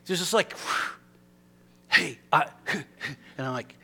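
Man, pastor, sermon, animated storytelling, fairly high voice, loud then hushed. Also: slow. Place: church sanctuary.

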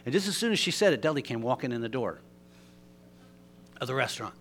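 Animated male preacher telling a story. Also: mid-range voice, a little fast, long pauses, a little hiss or hum. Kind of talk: sermon. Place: church.

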